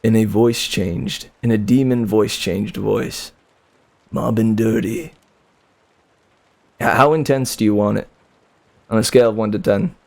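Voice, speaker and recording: A man's voice: lowish voice, unhurried, gravelly, pauses often, a little mellow. A man in his twenties who reads books aloud on a livestream, chatting casually with viewers in a rambling, slangy way and laughing often. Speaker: livestream book reader.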